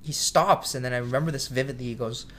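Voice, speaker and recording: A cook telling a kitchen story. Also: male voice, mid-range voice, quick pace, slight background noise. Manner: animated storyteller, acts out quotes loudly; self-described shy. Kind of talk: casual storytelling interview.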